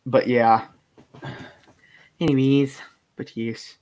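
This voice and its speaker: A man's voice: medium pitch, flat delivery, very slow, darkish tone. A young American man chatting as a guest on an online call, rambling and correcting himself as he jokes along. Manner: rambling, self-correcting, jokey. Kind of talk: casual online chat. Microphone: computer microphone on a call.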